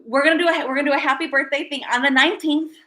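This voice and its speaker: A young woman hosting a casual livestream, bubbly and excitable, chatting to her viewers. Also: high voice, very fast. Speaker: livestream host.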